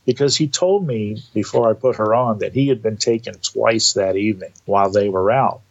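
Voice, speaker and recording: Lower-voiced man telling a story. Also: normal speed, creaky, highs cut off. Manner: animated, acts out quoted dialogue. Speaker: guest telling of entity encounters. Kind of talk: casual spoken storytelling.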